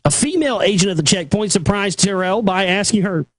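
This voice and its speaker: Furious high-voiced male ranter. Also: animated, fast, hardly any pauses, no echo. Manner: aggressive, profane, escalating to shouting. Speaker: talk show host. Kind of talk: angry rant.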